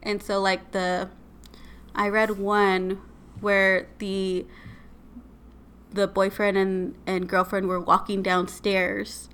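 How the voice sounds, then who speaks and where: Bright-toned woman telling eerie stories. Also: mid-range voice, flat delivery, slow, long pauses, clean tone. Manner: retells eerie stories with many fillers. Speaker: podcast co-host. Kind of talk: casual storytelling chat.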